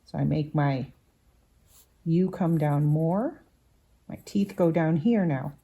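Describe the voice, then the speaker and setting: Slow, patient woman teaching children to draw. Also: deep voice, mellow, slightly rough. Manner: patient, explains each step while drawing. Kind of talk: slow drawing lesson for children.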